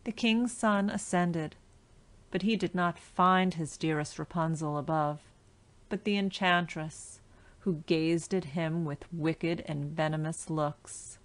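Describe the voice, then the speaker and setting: A woman reads a fairy tale aloud for an audiobook, taking her time over every phrase. Her voice sits somewhat low for a woman. The delivery stays clear and scripted throughout. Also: steady tone. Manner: slow, clear storytelling delivery. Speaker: audiobook narrator.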